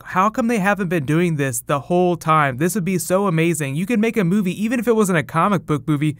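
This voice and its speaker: A man hosting a casual movie news commentary, chatty and enthusiastic with quick asides. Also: fairly high pitch, no room sound, studio quality. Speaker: host.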